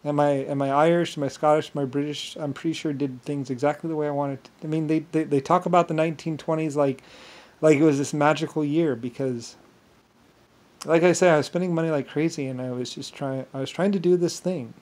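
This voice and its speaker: A man with a fairly high voice tells a long rambling monologue. He stops and restarts often, stacking fillers as he talks himself up in a grand, boastful way. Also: steady tone, a little mellow. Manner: halting, many restarts and fillers.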